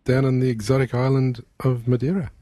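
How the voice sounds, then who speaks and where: Mellow Australian podcast host. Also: male voice, mid-range voice. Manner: relaxed, friendly, somewhat halting with fillers. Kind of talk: casual interview.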